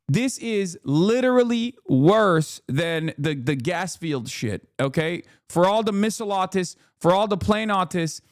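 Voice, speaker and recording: A man in his thirties doing live-stream commentary, ranting profanely and excitably, sometimes shouting in disbelief. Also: high voice, dry recording, clean studio sound.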